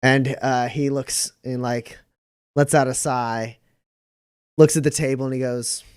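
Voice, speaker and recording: A man's voice: mid-range voice, fairly even intonation, a little slow, clean tone, no echo, clean studio sound. A man narrating as game master of a tabletop game, rambling with many fillers and restarts.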